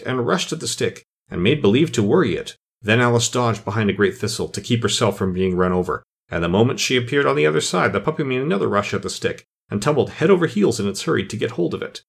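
Man, audiobook narrator, husky voice, lively pitch, expressive storytelling.

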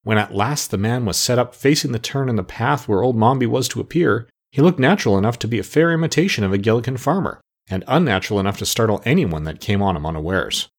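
A man narrating a storybook aloud in an expressive storytelling manner. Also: mid-range voice, husky. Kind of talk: audiobook narration.

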